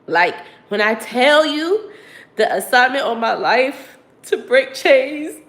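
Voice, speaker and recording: A woman's voice: sits high, expressive, slow pace, fairly bright tone. A woman vlogger talking candidly and emotionally to her viewers, rambling and profane, close to tears. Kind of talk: emotional confessional livestream talk.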